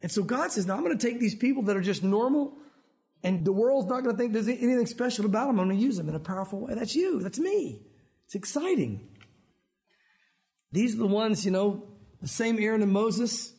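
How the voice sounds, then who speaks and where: A man preaching with a high voice. He is animated and slips in and out of voices as he tells his stories. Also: a little fast. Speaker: pastor. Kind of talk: sermon.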